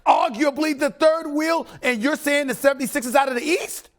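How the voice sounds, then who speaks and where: Shouting, sing-song male sports host. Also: moderate pace. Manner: shouts and half-sings a catchphrase over highlights. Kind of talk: loud animated sports commentary. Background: hip hop music.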